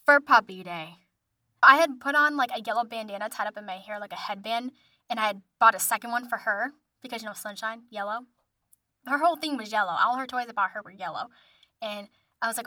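A young woman and musician telling a storytime vlog in a chatty, animated way, with lots of filler words. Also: a little high, dry recording, clean studio sound. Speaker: vlogger, musician.

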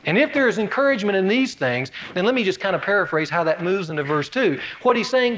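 Pastor, man, high-pitched for a man, conversational sermon delivery, slightly dull recording with faint hiss. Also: big pitch swings, quick pace, hardly any pauses, a bit bright. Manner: conversational preaching with rhetorical questions, wide swings in emphasis.

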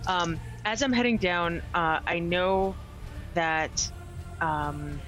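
A man player with a high, bright voice, thinking aloud hesitantly with plenty of ums. Faint music plays behind him. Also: slow. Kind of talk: casual tabletop play.

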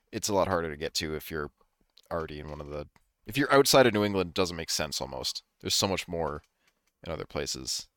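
A man's voice: deep voice, fairly bright tone, no echo, studio quality. A man from the northeastern United States co-hosting a casual chat, rambling in a laid-back way with some swearing. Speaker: podcast co-host.

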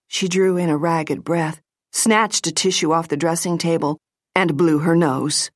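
A woman reads an audiobook in a steady, measured storytelling style. Her voice sits low, and the recording is clean studio audio with no room sound.

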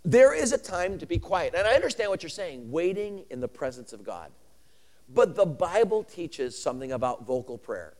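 A man preaching a sermon with swings from shouting to hushed asides and laughs between points. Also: fairly high pitch, big pitch swings, normal speed.

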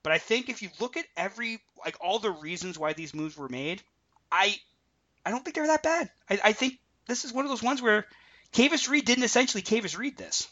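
A man co-hosting a sports podcast, giving opinionated, animated takes in casual chat over dull lo-fi audio. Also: high-pitched, brisk. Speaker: podcast co-host.

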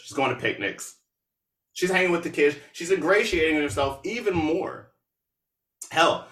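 A man hosting a podcast, recapping a movie in a casual, animated and sarcastic way. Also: medium pitch, reverberant, distant mic. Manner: animated, sarcastic, with laughs and asides. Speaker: podcast host.

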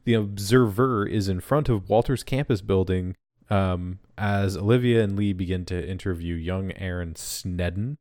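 A man's voice: sits low, steady tone, moderate pace, darkish tone, no echo. A man co-hosting a TV recap podcast, chatting casually with dry, ranting asides. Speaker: podcast co-host. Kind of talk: casual chat.

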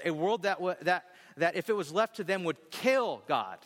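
A male pastor preaches with emphasis, circling back on key phrases and stretching out the verses. His voice sits a bit high for a man and rings with long reverb through a large church hall. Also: lively intonation, fairly bright tone. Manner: emphatic, repeats key phrases, slows on scripture. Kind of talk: sermon.

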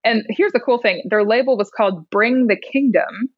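A young woman from Indiana, telling a story as a podcast guest in an animated way, laughing often. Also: on the high side, husky, no echo. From Indiana, USA. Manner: animated, laughing, quick restarts. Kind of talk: casual storytelling. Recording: dull lo-fi remote audio.

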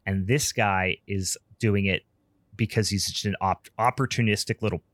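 Low-voiced man ranting on a podcast. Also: fairly even intonation, moderate pace, fairly bright tone, no room sound, clean studio sound. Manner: rambling, profane, laughing rants. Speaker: podcast co-host. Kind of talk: casual podcast chat.

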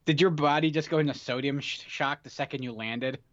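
A man's voice: medium pitch, steady tone, a little fast, fairly bright tone, no room sound, muffled recording. A man co-hosting a podcast in casual, joking chat. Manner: joking, teasing. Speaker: podcast co-host.

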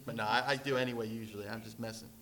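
A man preaching a sermon as pastor, animated, with sudden loud and soft passages and joking asides. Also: rapid-fire, a little hiss or hum. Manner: animated preaching with big swings in loudness and pitch, joking asides.

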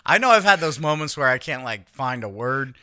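A man's voice: medium pitch, expressive, fairly quick, sharp tone, no room sound, studio quality. A young man co-hosting a podcast, cracking crude jokes in casual chat. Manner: joking, crude asides and movie references. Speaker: podcast co-host.

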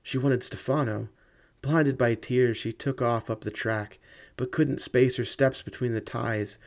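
Man reading a spooky short story aloud, mid pitch, measured and dramatic. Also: steady tone, gravelly. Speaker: narrator. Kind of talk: scripted audiobook narration.

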